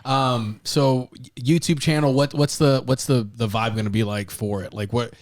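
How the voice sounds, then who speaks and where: A laid-back man from the Dominican Republic hosts a casual podcast conversation. His voice sits in an ordinary middle range. He keeps things loose, with quick laughs and casual swearing. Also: mid-range voice, steady tone. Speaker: podcast host. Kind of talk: casual interview chat.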